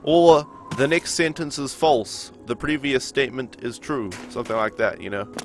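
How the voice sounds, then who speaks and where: Man streaming a game, mid-pitched voice, argues with chat, faint music behind. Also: normal speed. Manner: chatty, argumentative, reading and answering chat. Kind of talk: casual live-stream chat while playing.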